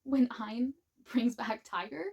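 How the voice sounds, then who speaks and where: A woman reviewing a book series in a gushing, animated way, rambling with many restarts. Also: on the high side, slow pace, gravelly, breathy edge. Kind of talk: casual spoken book review.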